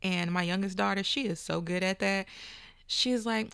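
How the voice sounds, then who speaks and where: A woman's voice: mid-range voice, fairly quick, gravelly, fairly bright tone, clear, resonant tone, no echo, clean studio sound. A woman hosting a podcast and giving an emphatic, motivational talk in casual, colloquial speech, with preachy turns and playful asides. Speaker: podcast host. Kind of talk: motivational monologue.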